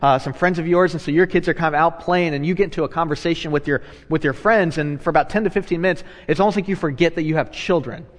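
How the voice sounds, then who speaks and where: A man, a pastor, preaching a sermon in a conversational way, moving between hushed and loud animated passages and repeating phrases for emphasis. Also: a little high, fast talker, hardly any pauses, in a large hall.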